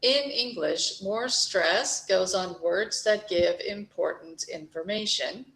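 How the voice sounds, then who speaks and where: A woman teaching English on a video call, modelling sentences slowly and patiently with clear enunciation. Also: medium pitch, fairly bright tone, roomy sound, rough recording. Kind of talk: online English lesson.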